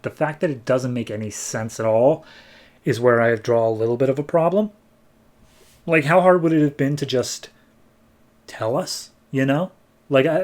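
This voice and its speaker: A man recaps and reviews a comic on a podcast, talking loosely and piling on "like"s. His voice sits at a medium pitch and keeps a casual, unscripted feel. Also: darkish tone. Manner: rambling, lots of "like", acts out characters.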